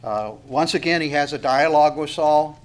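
A male pastor gives a conversational sermon in a somewhat high voice. He repeats himself and drops in chuckling asides. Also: moderate pace.

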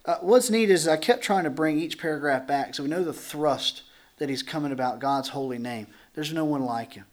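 A man's voice: on the high side, normal speed. A pastor stands before his congregation in a church and teaches through scripture in an easy, conversational way. He is a man with a slightly raised voice, and he drops into little acted-out voices, then trades jokes with the listeners. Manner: animated, acts out dialogue, jokes with the congregation.

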